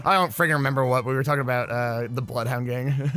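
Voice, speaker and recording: A man's voice: mid-range voice, quick pace, fairly bright tone. A young man co-hosting a casual gaming video, swearing freely, rambling and laughing often. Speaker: let's play co-host.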